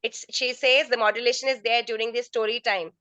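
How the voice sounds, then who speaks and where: A woman's voice: a little high, fairly even intonation, fairly quick, pushed and bright, no echo, highs cut off. A woman answering teachers' questions in an online training session, explaining step by step and often restarting her phrases. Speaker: resource person, teacher trainer. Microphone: video call.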